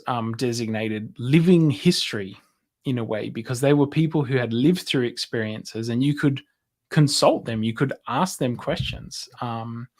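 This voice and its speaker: A man co-hosting a casual faith podcast, telling stories in a relaxed way with fillers. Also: mid-range voice. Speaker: podcast co-host. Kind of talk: casual chat.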